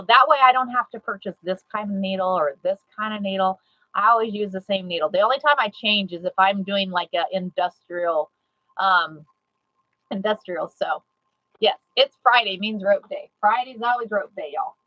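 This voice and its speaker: A woman giving a live sewing demonstration, chatty and excitable, repeating herself and greeting viewers. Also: mid-range voice, moderate pace, muffled recording. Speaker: sewing instructor.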